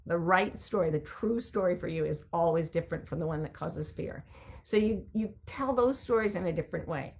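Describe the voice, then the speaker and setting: Gravelly-voiced woman teaching, animated. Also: fairly low pitch, brisk. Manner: animated, explaining with vivid examples. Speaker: host. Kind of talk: conversational teaching talk answering listener questions.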